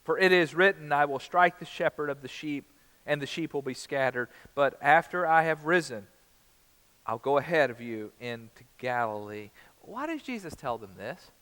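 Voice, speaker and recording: Male pastor, relaxed chatty sermon delivery with dramatic quotes, voice a touch high, echoing sanctuary. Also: moderate pace. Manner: conversational preaching, dramatizes quotes with rising emphasis.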